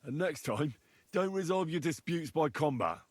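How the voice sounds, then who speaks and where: A man's voice: fairly high pitch, animated, moderate pace, husky, no room sound. An actor playing a stern nobleman who speaks formally and admonishes in a video game.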